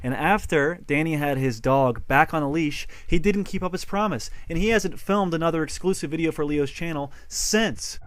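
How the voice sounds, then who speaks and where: A man's voice: on the high side, moderate pace, few pauses, no room sound. Aggrieved young man narrating, dry sound. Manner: aggrieved, storytelling. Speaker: YouTuber narrating his side. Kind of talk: video narration.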